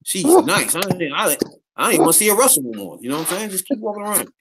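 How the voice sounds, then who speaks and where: A man's voice: high voice, very animated, fast, a crowd in the background. A man co-hosting a casual wrestling review podcast, laid-back and slangy, often asking "you know what I'm saying". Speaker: podcast co-host.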